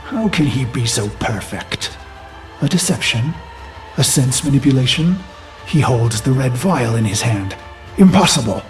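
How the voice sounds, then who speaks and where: A man's voice: medium pitch, animated, measured pace, soft background music, lightly acted. An actor playing a brooding, vengeful human warlord who recalls his past in a grave, haunted inner monologue for a game cutscene. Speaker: narrator of a memory.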